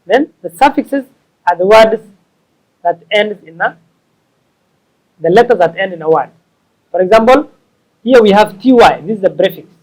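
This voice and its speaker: High-voiced man teaching English. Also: expressive, a little mellow, low-quality recording. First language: Somali. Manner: slow, repetitive, stops to correct himself. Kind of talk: explaining tips to learners.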